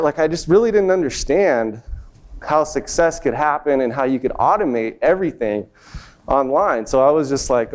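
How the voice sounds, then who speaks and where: A young man speaking to an event audience in a slightly high, smooth and resonant voice. He tells his own story with animated energy and slips into the voices of the people he quotes. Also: a little slow. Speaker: conference speaker. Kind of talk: personal success story told on stage. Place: event stage before an audience.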